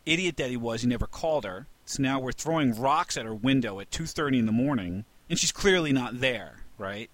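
A man co-hosting a casual chat, an animated storyteller who swears freely and laughs often. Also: mid-range voice, fairly quick, few pauses, no echo. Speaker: podcast co-host.

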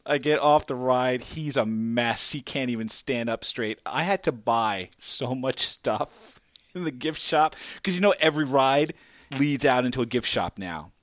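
Bright animated man telling stories. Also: measured pace, dry recording, studio quality. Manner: animated, acts out quotes with big pitch jumps. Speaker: podcast co-host. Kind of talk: casual comedic storytelling.

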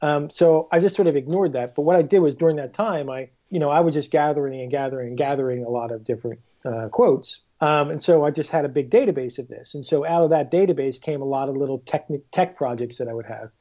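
Male podcast guest, animated storyteller, mellow tone, slightly higher voice. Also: fast, hardly any pauses, lo-fi sound. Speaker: guest author. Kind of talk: casual podcast chat.

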